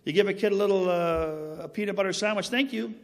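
High-voiced man telling his faith story. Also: steady tone, quick pace, long reverb tail. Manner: rambling, goes on tangents and then apologizes; earnest and preachy, stresses key phrases. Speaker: person giving a faith testimony. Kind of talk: personal testimony, casual storytelling.

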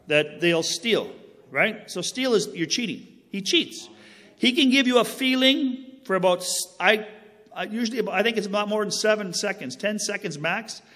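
A man's voice: sits high, normal speed, bright, forceful tone, long reverb tail. A man giving a personal faith testimony in a rambling, earnest way, often drifting off on tangents. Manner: rambling, goes on tangents and then apologizes; earnest and preachy, stresses key phrases. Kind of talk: personal testimony, casual storytelling.

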